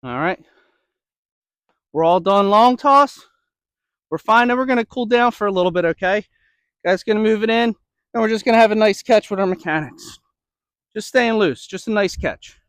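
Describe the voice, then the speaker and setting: Coaching man with a high voice. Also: normal speed, long pauses, fairly bright tone, no echo, clean studio sound. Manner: coaching, checks in with "okay?" and "right?". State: slightly out of breath. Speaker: baseball coach. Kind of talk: instructional demo.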